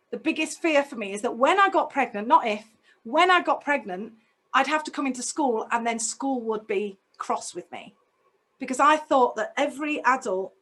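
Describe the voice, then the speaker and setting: A woman's voice: high voice, fairly bright tone. A woman telling a personal story in a talk, intense and emotional, putting direct questions to her listeners. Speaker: speaker.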